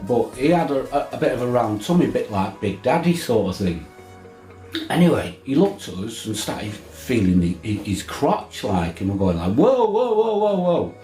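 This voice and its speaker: A man's voice: on the low side, sing-song, moderate pace, warm tone. A man tells a crude fishing-trip story casually, stumbling and restarting as he goes. The room is echoey, with faint music underneath. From England. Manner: swearing, laughing anecdote teller with many restarts. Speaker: fishing vlogger.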